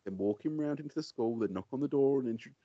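A British man co-hosting a podcast, telling stories in a casual chat, animated and laughing often. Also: mid-range voice, fast, no echo. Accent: British English. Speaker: podcast co-host. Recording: dull lo-fi sound.

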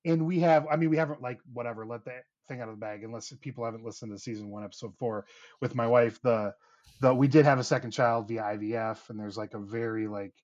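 Talking fast in a steady, mid-range, slightly mellow voice, this man in his thirties hosts a podcast; the highs in the recording are cut off. He chats casually and rambles, restarting often and leaning on fillers.

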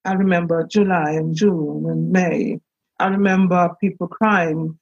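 A woman minister giving an earnest, halting personal account, with many pauses and restarts, on a dull lo-fi recording. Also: fairly low pitch, steady tone, gravelly, a little mellow, slightly rough. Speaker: minister and priest. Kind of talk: reflective personal testimony.

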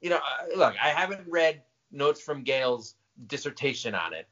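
A man's voice: mid-range voice, big pitch swings, fairly bright tone. A middle-aged man co-hosting a podcast in casual chat, teasing and interrupting his partner. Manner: teasing, interrupting, quick to laugh. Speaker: podcast co-host. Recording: dull lo-fi podcast audio.

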